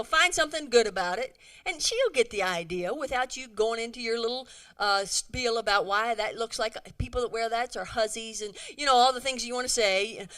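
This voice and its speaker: Middle-aged woman speaker, lively church talk, brightish higher voice, acts out little scenes. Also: normal speed. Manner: animated, acts out quoted dialogue, chatty asides. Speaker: women's conference speaker. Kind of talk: humorous talk to a church audience.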